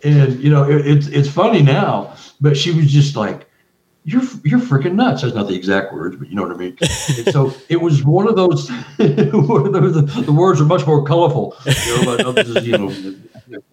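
A man's voice: on the high side, normal speed. Man telling a story on roomy, distant audio. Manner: excited, lively retelling with quoted dialogue and restarts. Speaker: guest researcher and author. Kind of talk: animated storytelling.

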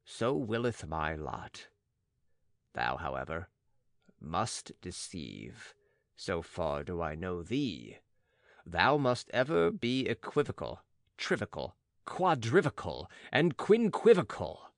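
A man voicing a stern, solemn male prophet-sage in an audiobook, declaiming gravely in archaic speech. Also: low voice, very animated, slow pace, no echo, studio quality, heavily acted. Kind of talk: audiobook dramatic reading.

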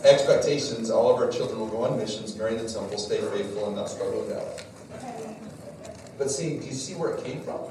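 A middle-aged man giving a church talk to a live audience, telling lively stories that poke fun at himself. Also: fairly low pitch, brisk, a little hiss or hum. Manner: lively storyteller, jokes at his own expense. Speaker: speaker at a church parenting talk. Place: large echoey room with a live audience. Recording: echoey hall recording from far off.

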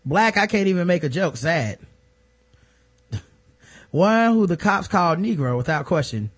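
Male podcast co-host, slightly high voice, dry sarcastic humor over news items. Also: measured pace. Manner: sarcastic, deadpan joking. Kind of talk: casual comedic news commentary.

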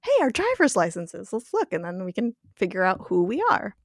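A woman voicing a bubbly, confused young female student in a chirpy, high manner. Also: big pitch swings, brisk, dry recording, studio quality.

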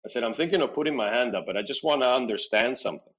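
A man's voice: mid-range voice, very fast, low-quality recording. A middle-aged man telling a personal story in casual conversation, acting out his own and others' lines with frequent fillers. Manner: animated, acts out dialogue, frequent "you know". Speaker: podcast guest.

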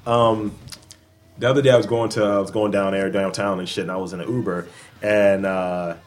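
A man's voice: lowish voice, fairly quick. A man co-hosting a podcast in casual chat, swearing freely and acting out quotes as he tells stories. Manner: swearing, animated, acts out quotes. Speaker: podcast co-host.

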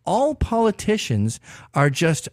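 A man hosts his own podcast in a brash, crude monologue full of sarcasm. His fairly high voice swings widely in pitch as he rants. The recording is dry and close, with no room sound. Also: huge pitch swings, slow, a little mellow, no echo. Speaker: podcast host. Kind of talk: opinionated monologue.

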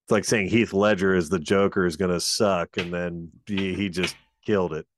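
A man in a casual chat, easygoing and a bit hesitant, often pausing with fillers. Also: low voice, fairly even intonation, slight background noise.

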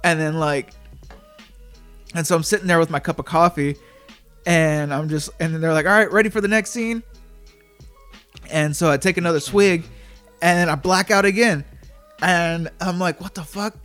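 A man with a slightly higher voice rambles through a story, stacking "like" between every phrase and slipping into the voices of the people in it. Faint music plays under the talk. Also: steady tone, moderate pace, long pauses, a bit bright. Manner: rambling, heavy use of "like", acts out quotes. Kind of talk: casual storytelling chat.

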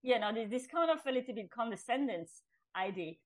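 A middle-aged woman whose first language is French guests on a podcast, giving a personal testimony in an interview. Her voice is a little high and a little fast with lively intonation, captured on a rough recording. She tells her story chattily with restarts and laughs, acting out her past self in quotes.

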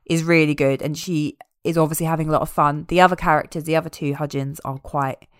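A woman's voice: low-pitched, quick pace, dry recording, studio quality. Chatty woman recapping a film. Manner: chatty, animated, tangents with wry asides. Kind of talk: casual chat recapping a film.

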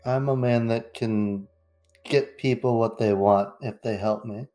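A man's voice: medium pitch, steady tone, a little slow, warm tone, faint music behind. A man taking part as a player in a tabletop role-playing game, answering in a terse, matter-of-fact way.

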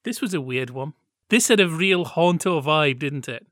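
Brief: male podcast co-host, chatty and jokey, slightly high voice, dry close sound. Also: animated, normal speed, a bit bright, no room sound. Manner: chatty, jokey, acts out quotes. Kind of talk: casual chat reviewing old TV.

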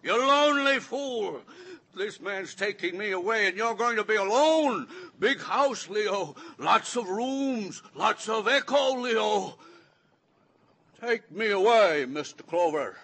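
An actor playing a resentful, unstable man in his sixties in a 1950s radio drama, who turns defiant and shouts. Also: sits high, lively intonation, slow pace, slightly rough, heavily acted. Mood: raving. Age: 60s. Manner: agitated, bursts into shouting. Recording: old radio broadcast recording.

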